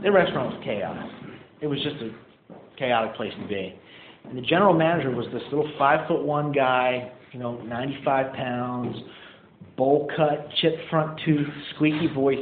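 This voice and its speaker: A man's voice: medium pitch, normal speed, a little hiss or hum. Tinny, echoey man telling his story. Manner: casual, self-mocking, filler-heavy with many "like"s; acts out quoted people in his story. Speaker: speaker sharing his recovery story. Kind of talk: storytelling talk to a live audience. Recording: tinny, echoey hall recording.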